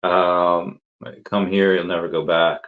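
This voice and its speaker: Low-voiced rambling man, lo-fi. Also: flat delivery, takes it slowly. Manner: rambling, repeats words, many fillers. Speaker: crypto livestream host. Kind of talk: casual livestream chat reading comments.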